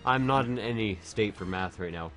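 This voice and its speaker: A man's voice: on the low side, moderate pace, fairly bright tone, faint music behind. A man streaming a video game while drunk, chatting casually, rambling and swearing a lot.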